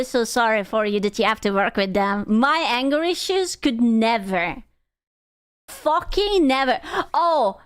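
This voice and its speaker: A woman's voice: sits high, fairly bright tone, clear, resonant tone. A young woman streamer in casual chat, blunt and profane as she rants to her viewers.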